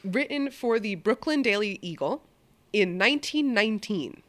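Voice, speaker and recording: Woman hosting a podcast, chatty and animated, swears a bit, lively voice. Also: mid-range voice, moderate pace. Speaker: podcast host. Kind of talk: casual chat.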